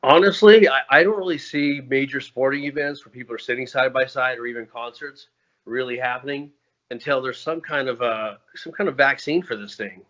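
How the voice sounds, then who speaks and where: A man's voice: mid-range voice, fairly quick, a bit bright, dull audio. A man in his forties, a guest musician talking casually and unhurriedly on a remote call, with frequent "uh" fillers. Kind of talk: casual interview talk.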